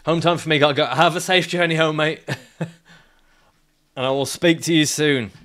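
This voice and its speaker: A man's voice: a little high, steady tone, moderate pace, a bit bright. A man streaming a climbing game, ranting, swearing and laughing at his climber as he plays. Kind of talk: live gameplay commentary.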